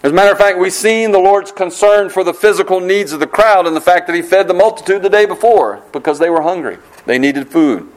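A man delivers a sermon in an earnest, steady preaching voice that sits a little high for a man. He repeats key phrases and slows down to stress them, building his points one by one. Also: low-quality recording. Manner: earnest, repetitive preaching with emphatic slow phrases. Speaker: pastor.

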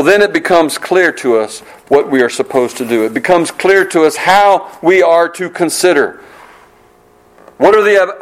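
A man preaching a sermon, earnest and repetitive, slowing down on key phrases for emphasis. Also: fairly high pitch, low-quality recording. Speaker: pastor.

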